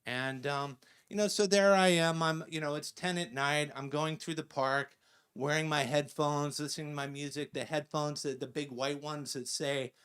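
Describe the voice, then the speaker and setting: A man performing a stand-up comedy set, telling an animated personal story on stage, full of fillers and acted-out quotes. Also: on the high side, normal speed, smooth. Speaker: researcher doing stand-up. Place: stage before a live audience.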